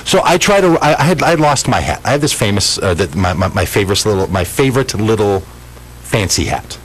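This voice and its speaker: A man's voice: lowish voice, fairly quick, slight background noise, rough recording. A middle-aged man from Minnesota hosting a radio talk show, telling stories with lots of stammered restarts. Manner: animated storytelling, frequent stammered restarts. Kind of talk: casual radio chat.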